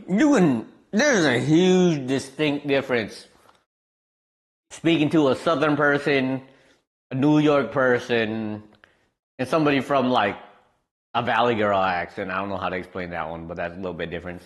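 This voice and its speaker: A man's voice: medium pitch, fairly bright tone. A young man from the American Midwest, a streamer chatting casually and rambling as he answers his chat aloud.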